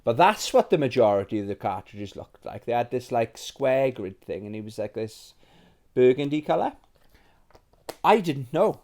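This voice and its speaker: A British man in his forties hosting a nostalgic show-and-tell about old games, rambling and chatty with plenty of fillers, excitable and sentimental. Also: medium pitch, normal speed. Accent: British English. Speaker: retro game collector host.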